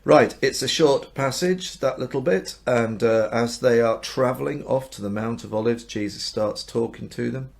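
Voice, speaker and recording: A man's voice: mid-range voice, moderate pace, gravelly, hardly any pauses. A man teaching the Bible in a chatty way, reading aloud and acting out the dialogue in everyday speech. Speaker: minister.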